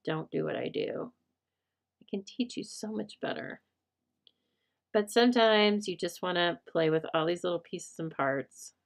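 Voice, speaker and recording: A woman's voice: sits low, creaky. A woman hosting a live rubber stamp crafting stream, chatting casually and rambling as she works, talking to viewers by name and poking fun at herself. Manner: self-deprecating.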